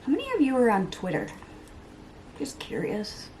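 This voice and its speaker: Chatty woman with lively pitch. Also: moderate pace, a little hiss or hum. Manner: rambling and self-mocking, talks to herself with quoted asides and whispered mutters. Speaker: beauty vlogger. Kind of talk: chatty get-ready-with-me makeup vlog. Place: home, at her makeup table.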